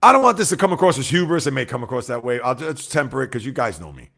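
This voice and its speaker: A man hosting a sports livestream, chatting casually and animatedly with his viewers, reading their comments aloud and swinging between loud outbursts and quiet asides. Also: mid-range voice, sing-song, rapid-fire, vocal fry. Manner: talks straight to chat, reads out viewer comments.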